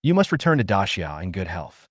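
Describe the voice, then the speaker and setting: A man's voice: low-pitched, big pitch swings, a little fast, dry recording, studio quality. A man voicing a stern young female military radio correspondent, speaking in an emphatic, scolding way.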